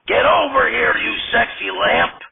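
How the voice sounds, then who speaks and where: A man voicing a giddy, drugged-up salesman who talks in a loud, goofy way. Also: very high-pitched, sing-song, measured pace, gravelly, over a noisy crowd, voice pushed up, full character voice. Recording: tinny phone-like sound.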